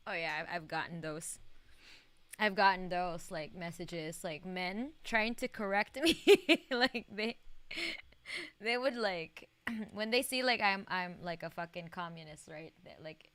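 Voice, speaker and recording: A woman's voice: mid-range voice, slow pace, bright, forceful tone, clean tone, no room sound. A young woman streaming a video game, chatting casually in a rambling way, full of fillers and swearing and laughing often. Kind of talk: casual live-stream gaming chat.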